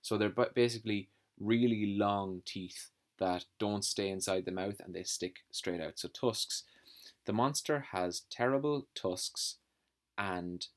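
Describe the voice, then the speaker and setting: A man teaching a phonics lesson to young children, slowly sounding out letters and words. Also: deep voice. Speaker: primary school teacher.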